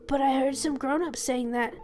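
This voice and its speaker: A small boy frets about his absent father in a pitched-up childlike voice, as a woman reads his lines aloud while playing a game. The lines are read with simple, earnest worry. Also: fairly even intonation, moderate pace, darkish tone, soft background music, natural voice. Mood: anxious.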